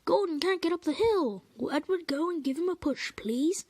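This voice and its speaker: A woman voicing a hurried railway porter asking for help in a storybook reading. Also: very high-pitched, expressive, darkish tone, no room sound, pitched above the performer's own voice. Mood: urgent.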